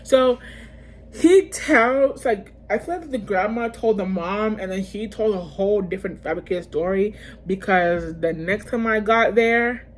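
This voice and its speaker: A woman speaks straight to her viewers in a casual storytime vlog, animated and slangy. She talks in quick bursts full of fillers and restarts, with a faint ambient hum behind her. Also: medium pitch. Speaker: vlogger telling a personal story.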